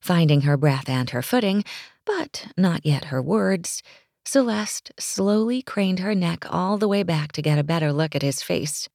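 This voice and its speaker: A woman narrating a romance audiobook in an expressive, scripted style. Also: lowish voice, a little slow, creaky, dry recording, clean studio sound.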